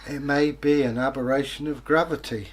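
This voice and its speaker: Guy co-hosting a comments video, mid pitch, umms and thinks out loud. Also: fairly even intonation, normal speed, noisy background. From England. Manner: hesitant, musing, many fillers. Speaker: co-host. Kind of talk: casual comment-reading chat.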